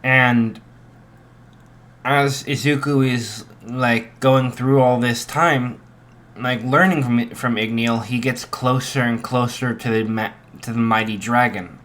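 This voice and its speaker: Slow, halting young man telling a story. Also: mid-range voice, steady tone, a bit bright. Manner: halting, many restarts and fillers. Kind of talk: improvised fan story narration.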